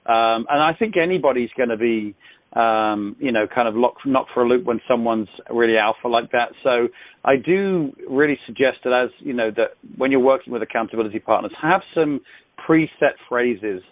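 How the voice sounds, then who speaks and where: A man's voice: mid-range voice, moderate pace, no echo. A man leading a sales accountability call on a headset, coaching with effusive praise and frequent restarts. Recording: tinny phone line, dry.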